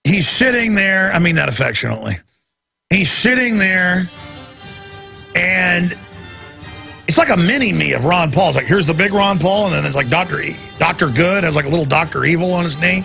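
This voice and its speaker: A man's voice: high voice, expressive, normal speed, sharp tone, faint music behind. A male radio talk show host delivering a heated, sarcastic political rant. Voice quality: gravelly, raspy.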